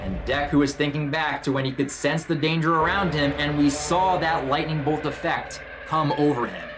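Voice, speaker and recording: A man's voice: on the high side, steady tone, moderate pace, music in the background. A man casually commenting on a manga chapter as he reads it aloud, narrating what happens in each panel. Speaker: manga reaction YouTuber.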